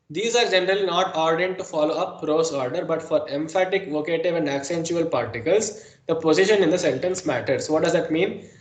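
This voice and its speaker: A man teaching a language lesson in an explanatory style, pausing often with fillers and correcting himself as he goes. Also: sits high, reverberant. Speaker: Sanskrit teacher.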